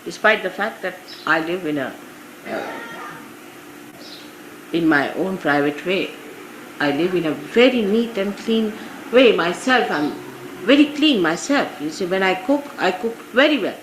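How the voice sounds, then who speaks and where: A woman's voice: mid-range voice, expressive, a little slow, long pauses. A woman from India with an Indian English accent gives an informal spiritual talk to her followers, telling anecdotes and dropping in frequent "you see" asides. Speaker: spiritual teacher. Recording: echoey 1980s archive recording with faint hiss.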